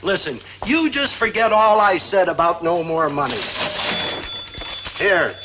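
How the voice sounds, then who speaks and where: A middle-aged actor playing a gruff but soft-hearted father in a sitcom, blustery and grumbling. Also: sits high, lively intonation, unhurried, background noise. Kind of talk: sitcom acting.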